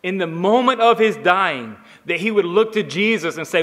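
A man preaching a sermon, emphatic, building on repeated phrases and swinging between quiet, slow lines and raised ones. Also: high-pitched, in a large hall. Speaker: pastor.

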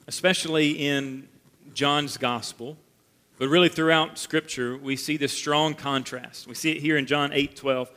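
A man preaching a sermon as pastor, earnest and measured, repeating key phrases for emphasis. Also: fairly high pitch, steady tone, bright, forceful tone. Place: church sanctuary. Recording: long reverb of a church hall.

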